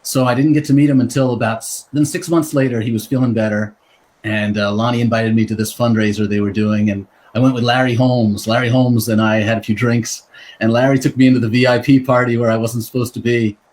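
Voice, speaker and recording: A man's voice: mid-range voice, little pitch movement, brisk, darkish tone. A man, a biographer and guest, telling a story in a casual, self-deprecating, joking way.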